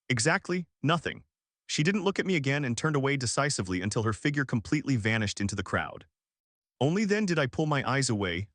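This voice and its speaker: A man narrating a first-person love story in a steady, earnest way. His voice sits at a middle pitch. The recording is close and dry, with no room sound. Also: dry recording.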